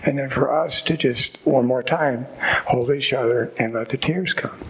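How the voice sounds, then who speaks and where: A man with a husky voice and a middle-pitched tone shares his story with a recovery group. He speaks openly and reflectively, with touches of wry humor. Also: moderate pace, low-quality recording. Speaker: speaker sharing at a recovery meeting. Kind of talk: personal testimony to a group.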